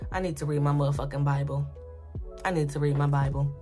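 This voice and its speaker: A woman's voice: deep voice, little pitch movement, fast, music in the background. A woman vlogger giving spiritual commentary in a blunt, profane, emphatic rant that repeats points over and over. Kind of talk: ranting casual commentary.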